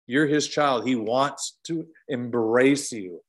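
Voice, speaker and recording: A middle-aged man teaching an informal Bible study, swinging between emphatic high bursts and soft low asides. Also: takes it slowly.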